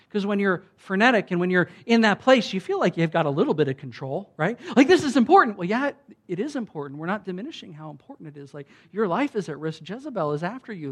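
A pastor preaching in a relaxed, talky way, full of restarts and filler words. The voice sits at a middle pitch and keeps swinging from loud, emphatic stretches down to quiet, hushed asides. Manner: conversational, with frequent restarts and filler like "like". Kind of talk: sermon.

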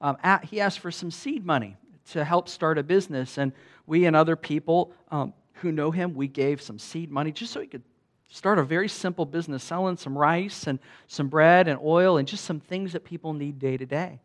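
A man with a slightly high voice preaches a sermon, telling stories from mission travel. He talks in an earnest, animated way, full of restarts, and sinks to a quiet hush at the tender parts. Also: normal speed. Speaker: pastor. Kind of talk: sermon storytelling.

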